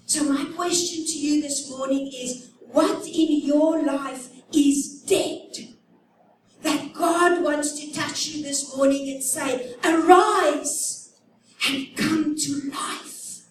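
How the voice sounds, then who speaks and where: A woman preaching a sermon, slow and emphatic, with dramatic pauses, in a church. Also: sits high, fairly even intonation, slight background noise. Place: church sanctuary. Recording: echoey church hall from a distant mic.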